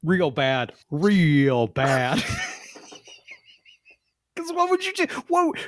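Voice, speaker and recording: A man's voice: fairly high pitch, wildly swooping pitch, very slow, a bit bright. A man co-hosting a podcast in casual chat, swearing often and laughing through mock-angry rants. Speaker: podcast co-host.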